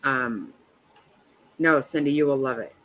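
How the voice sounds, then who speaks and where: A woman's voice: extremely low pitch, lively intonation, a little slow, a bit bright, low-quality recording. A woman in her fifties hosting a livestream, chatting casually with viewers and giving blunt, profane reactions to a trial. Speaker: livestream host.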